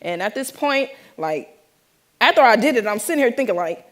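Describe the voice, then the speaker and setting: A young woman from the Bay Area telling an audience her own story in a lively, animated way, acting out the voices of the people in it. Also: on the high side, normal speed. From San Francisco Bay Area. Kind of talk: personal storytelling talk to an audience.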